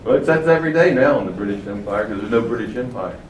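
Emphatic preacher in an echoey room. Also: male voice, mid-range voice, expressive, racing, dull audio, a little hiss or hum. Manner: emphatic, rhetorical questions, sweeping shifts in loudness. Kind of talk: sermon. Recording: echoey room from far off, faint ambience.

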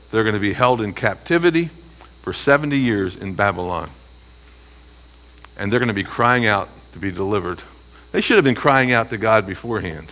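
During a Bible study, a man reads scripture out loud and inserts comments between phrases, answering his own rhetorical questions forcefully. He speaks at normal speed in a lowish, animated voice that is pushed and bright.

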